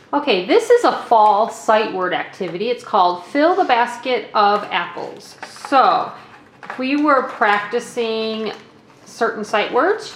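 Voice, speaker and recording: A woman teacher walks through hands-on classroom activities in a relaxed, unhurried way, often stopping to check in with the viewer. Her voice sits at an ordinary middle pitch. The room is echoey, with a faint hiss behind her. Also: gravelly. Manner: chatty and explanatory, checking in with okay and all right. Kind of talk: casual tabletop demonstration. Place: indoors at a table.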